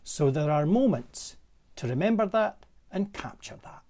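A man with a Scottish accent, a parish minister giving a gentle, conversational reflective sermon from a room in his manse. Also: a little high, lively intonation. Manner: gentle, conversational, with pauses and soft laughs.

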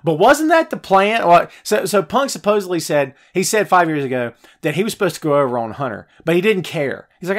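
A podcast host, a man, rants about wrestling with a high, very lively voice that leaps up and drops low as he gets fired up. He swings from loud outbursts to muttered asides while answering his live chat. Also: a little fast, few pauses. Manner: animated, fired-up ranting, swings loud and soft. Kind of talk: heated wrestling rant.

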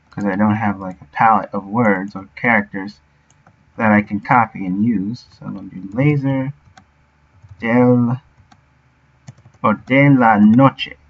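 In a gravelly, husky, low voice, a man streams game development, thinking aloud and sounding out words under his breath. The recording is dull and lo-fi.

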